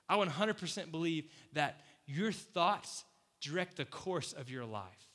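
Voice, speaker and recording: A man preaching a casual, conversational sermon as pastor, animated, acting out quoted voices and laughing often. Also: fairly high pitch, moderate pace. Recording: long hall reverb.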